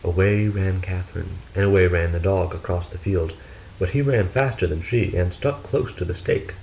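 Deep gravelly male storyteller. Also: slight background noise, poor audio. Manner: steady, measured storytelling. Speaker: narrator. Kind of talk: storybook reading.

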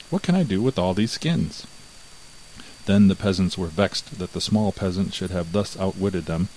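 A man narrating a fairy tale from a script in a measured, even way. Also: sits low, slight background noise, poor audio. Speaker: storyteller.

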